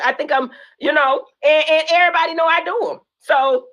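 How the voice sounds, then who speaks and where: A woman's voice: high voice, fairly even intonation, brisk, a bit bright, poor audio. An older woman talking bluntly and emotionally in a heated podcast chat, swearing freely and rambling. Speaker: reality TV guest.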